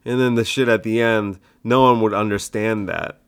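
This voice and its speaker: On his solo podcast, a young comedian talks loosely and makes fun of jokes he used to tell. He speaks at a moderate pace on the low side, with fairly even intonation and a clear, resonant tone.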